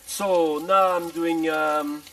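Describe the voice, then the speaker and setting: A middle-aged man from France explaining a dish at a festival cooking demonstration, with many halting restarts and repeated words and dry jokes. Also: fairly high pitch, steady tone, a bit bright, distant mic, poor audio. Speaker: chef.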